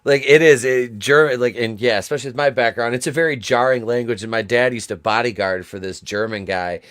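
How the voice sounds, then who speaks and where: A man's voice: mid-range voice, brisk, a bit bright, clean tone. A man on a casual talk panel, telling rambling, profane stories. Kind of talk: casual chat.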